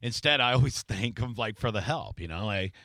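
A man hosts a loose, casual talk show and spins wry, boastful stories at an easy clip. His voice is bright and forward. The sound is dry and close. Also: on the low side, expressive, fairly quick, no room sound. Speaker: podcast host. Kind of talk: casual chat.

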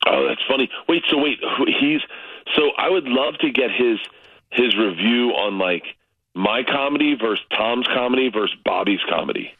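A man in his forties, a comedian guest telling loose stories with big excited jumps in pitch on a radio interview. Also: moderate pace, slightly rough, no room sound. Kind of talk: casual radio interview by phone. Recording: muffled lo-fi line.

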